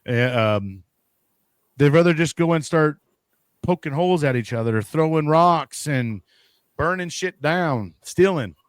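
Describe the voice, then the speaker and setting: A man's voice: fairly high pitch, lively intonation, measured pace, clean tone, no echo. A man hosting a casual podcast talk, rambling with many restarts, fillers and casual swearing. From United States. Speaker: podcast host. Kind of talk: casual conversation.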